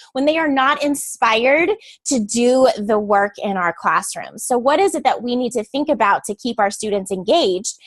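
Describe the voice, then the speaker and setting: A woman's voice: a little high, fairly bright tone, no echo. A woman teacher giving an earnest, explanatory lecture to adult learners before a read-aloud. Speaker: teacher educator.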